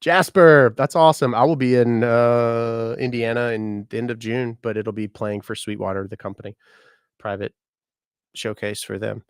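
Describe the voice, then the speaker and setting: On a live stream, a man in his thirties who works as a musician and content creator chats casually, joking, laughing often, swearing, and greeting viewers by name. His voice is medium-pitched and smooth with a darkish tone, delivered in a level way at a moderate pace. The recording has clean studio sound with no room sound.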